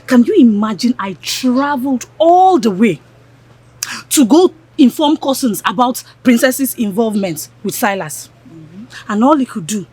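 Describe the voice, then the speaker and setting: A woman's voice: fairly high pitch, lively intonation, unhurried, darkish tone, breathy edge. An actress playing a spiteful, scheming young village woman who talks with scorn and insults. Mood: indignant. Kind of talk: Nollywood film acting.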